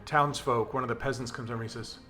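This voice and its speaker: A man running a tabletop game narrates scenes in an unhurried, descriptive flow. His voice sits at a middle pitch, and faint music plays behind him. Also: fairly even intonation, bright, forceful tone. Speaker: game master.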